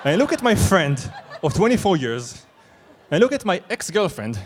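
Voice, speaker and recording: A young man from Israel telling a true story on stage, animated, excitable and self-mocking. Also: high-pitched, normal speed. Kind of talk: live storytelling. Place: stage at a live event.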